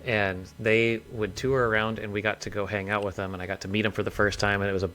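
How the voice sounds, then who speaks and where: A man's voice: on the low side, flat delivery, fast talker, a bit bright. A man co-hosting a podcast in casual chat, rambling through stories and laughing at them. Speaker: podcast co-host.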